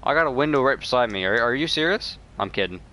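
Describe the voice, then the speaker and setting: A male streamer with a bright, forward voice whose pitch leaps around as he talks. He chats casually with his viewers, jokes, swears and laughs a lot. Now and then he yells at the game. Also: animated, fast, slight background noise. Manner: jokey, swears freely, laughs often, shouts at the game. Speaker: livestreamer. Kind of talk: casual gaming livestream chat.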